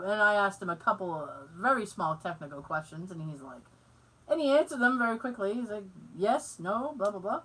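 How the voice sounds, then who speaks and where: A woman's voice: medium pitch, animated, normal speed, a bit bright, poor audio. A woman co-hosting a podcast. She tells stories in casual chat, laughs often, acts out the voices she quotes and swears freely. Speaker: podcast co-host.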